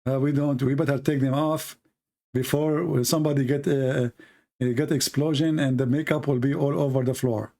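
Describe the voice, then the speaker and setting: The voice is male, medium in pitch, creaky and warm, moving at a moderate pace with fairly even intonation. As an online show host, he delivers casual, mocking commentary punctuated by laughter at his own jokes. He rambles with frequent restarts and fillers, and his non-native English shows grammar slips.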